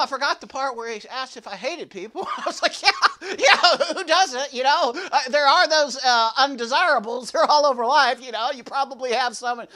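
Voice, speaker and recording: Man doing a squeaky brash goofy dude. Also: fairly bright tone. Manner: rambling, repeats "listen, listen". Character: brash goofy young man, boastful slacker. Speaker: devotional speaker. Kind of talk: comedic in-character devotional monologue.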